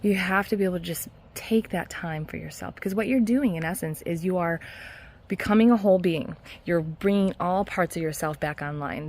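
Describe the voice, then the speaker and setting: A woman hypnotherapist talking casually in a self-help vlog, earnest and encouraging, with soft laughs. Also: fairly low pitch. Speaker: hypnotherapist and mindset coach.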